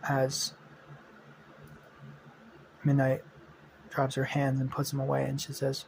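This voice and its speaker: A man's voice: mid-range voice, completely flat delivery, slow pace, gravelly, long pauses, slight background noise. A young man improvising a fan story as narrator, rambling and cursing casually with frequent restarts. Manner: rambling, profane, restarts often. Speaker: channel host narrating.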